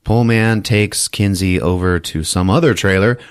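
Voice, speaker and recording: This man speaks with a deep, clean-toned voice at a measured pace. On his podcast he casually retells a horror film, peppering it with curses and laughter and performing scenes in assorted voices.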